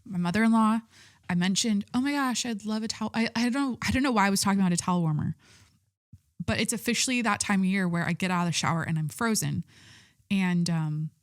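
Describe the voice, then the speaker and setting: A woman's voice: medium pitch, fast talker, no echo, studio quality. Chatty, foul-mouthed woman podcast host. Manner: chatty, swears freely, rambling with fillers. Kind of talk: casual solo podcast chat.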